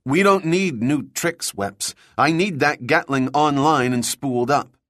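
A man's voice: a little high, a little slow, fairly bright tone, dry recording, studio quality, pitched above the performer's own voice. A male narrator voicing a commanding middle-aged male ship captain who gives clipped, firm orders, in a storybook reading. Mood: impatient.

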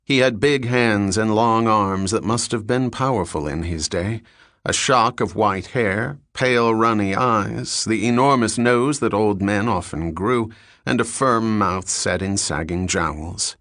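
A man narrating an audiobook in a steady, even storytelling manner. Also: lowish voice, unhurried, dry recording, studio quality.

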